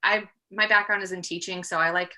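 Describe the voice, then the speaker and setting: A woman in her thirties gives a casual talk over a video call, a little out of breath. Her voice is very bright and fairly low-pitched, and her delivery is upbeat and chatty, full of ums and small laughs. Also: steady tone, a little fast. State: slightly out of breath from pregnancy. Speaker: guest presenter, project manager. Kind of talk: casual webinar presentation. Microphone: computer mic on a video call.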